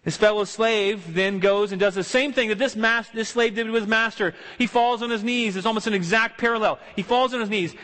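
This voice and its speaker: A man's voice: high-pitched, moderate pace, a bit bright. Emphatic male preacher in a reverberant hall. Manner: emphatic rhetorical exclamations and repetition. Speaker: pastor. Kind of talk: sermon.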